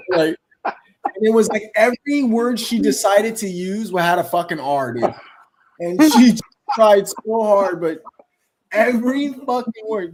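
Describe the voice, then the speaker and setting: A man's voice: high voice, animated, measured pace, darkish tone, a little hiss or hum. A man in his thirties hosting a live stream, chatting casually and swearing a lot, calling everyone bro and dude. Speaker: host.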